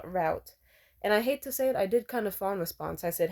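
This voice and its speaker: A young adult woman speaks straight to camera in a candid, rambling way, full of fillers and frank profanity. Her voice is warm and mellow, set at an ordinary middle pitch. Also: animated, normal speed. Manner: blunt, profane, conversational with many fillers. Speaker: vlogger. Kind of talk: candid personal storytelling.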